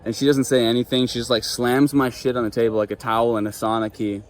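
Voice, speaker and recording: A man's voice: mid-range voice, little pitch movement, fast talker. A young man vlogging, telling a story to camera in a casual, profane way full of "like" and "dude". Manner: laid-back, profane, heavy on "like" and "dude".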